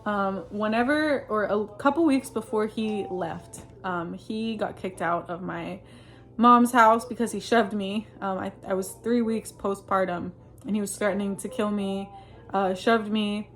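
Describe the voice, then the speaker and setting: A woman speaks directly to her audience in a casual storytelling monologue, earnestly recounting a personal experience without a script. Her middle-pitched voice is a little slow, and her rambling speech is full of fillers and restarts, leaning on Christian religious phrasing.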